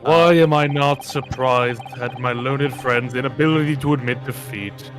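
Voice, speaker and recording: A man's voice: mid-range voice, fairly even intonation, moderate pace, over music, natural voice. A man voicing a haughty male prosecutor in a game, speaking with pompous, formal phrasing. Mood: condescending. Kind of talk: voicing game dialogue with friends.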